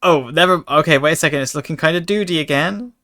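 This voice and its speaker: A man's voice: a little high, quick pace, bright, forceful tone. A man streaming a card game, chatting casually with his chat and joking in mock anger. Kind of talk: casual gaming commentary.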